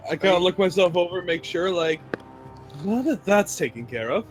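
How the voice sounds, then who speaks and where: A man with a fairly high voice plays a tabletop game, chatting casually and working through his decisions out loud. Soft music sits faintly behind him. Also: lively intonation, fairly quick. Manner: casual, self-deprecating, decides aloud. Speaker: player.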